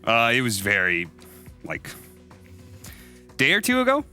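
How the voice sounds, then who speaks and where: A man breaks down a match on a live esports desk in a very bright, sharp voice. His pitch jumps around as he talks in a chatty, animated way. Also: a little slow, clear, resonant tone, faint music behind. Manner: chatty, animated, laughs easily. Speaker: esports analyst.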